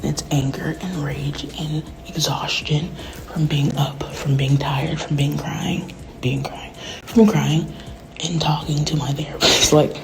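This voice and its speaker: Woman ranting and swearing, gravelly low voice, goes hushed a lot, noisy background. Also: little pitch movement, measured pace. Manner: profane, rambling, often drops to a hushed whisper. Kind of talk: candid venting monologue.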